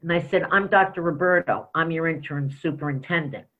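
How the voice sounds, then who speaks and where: A man's voice: on the high side, fairly quick. A man serving as interim school superintendent, giving an emphatic report with stories at a school board meeting. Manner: emphatic, storytelling with quoted dialogue. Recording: tinny phone-like sound.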